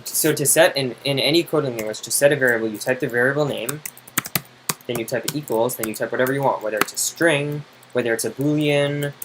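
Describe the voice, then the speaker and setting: A man tutoring someone in code, impatient and teasing, explaining in quick exasperated bursts. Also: medium pitch, noisy background. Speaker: coding tutor. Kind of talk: casual screen-side coding help.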